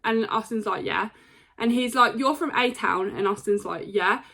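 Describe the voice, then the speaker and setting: A young woman casually recapping a wrestling show, excitable, with lots of ums and quoted lines. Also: on the high side, normal speed, vocal fry. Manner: excitable, retells scenes with quoted lines and many fillers.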